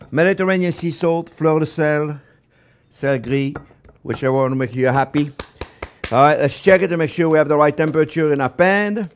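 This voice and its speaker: An older man hosting a cooking show, demonstrating a recipe in an animated, emphatic way, repeating words for stress and calling his viewers friends. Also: fairly high pitch. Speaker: chef and cooking show host.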